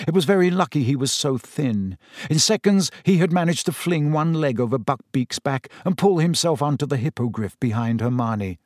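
A man narrating a story in measured, scripted storytelling. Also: mid-range voice, expressive, no room sound, clean studio sound. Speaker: audiobook narrator.

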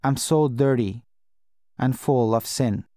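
A man voicing a grieving young boy with a small, wheezy, croaking voice, speaking haltingly through tears. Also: medium pitch, mellow, dry recording, clean studio sound, lightly acted. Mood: sobbing.

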